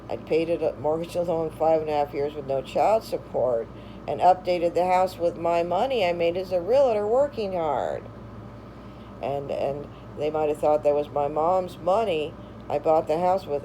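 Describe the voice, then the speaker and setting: A middle-aged woman recounts her own story in a rambling, aggrieved way, circling back with fillers and restarts. Her voice sits low and mellow. A faint noise runs behind her. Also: animated, measured pace, rough recording. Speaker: former realtor telling her story. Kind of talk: personal monologue.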